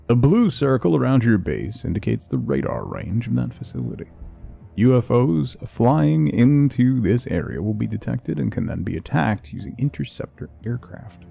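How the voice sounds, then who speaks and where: Tired man with a gravelly voice. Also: moderate pace, faint music behind. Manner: flat, low-energy delivery. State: exhausted and yawning. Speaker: game streamer. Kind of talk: reading game tutorial text aloud while playing.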